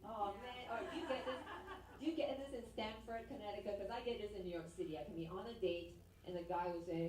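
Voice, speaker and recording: A woman's voice: medium pitch, fast, darkish tone, a little hiss or hum. Woman stand-up, teasing crowd work, roomy distant live-venue sound. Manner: brash, teasing, acts out characters in bits. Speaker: stand-up comedian. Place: live music venue, audience present. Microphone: handheld stage mic. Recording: roomy echo, heard from afar.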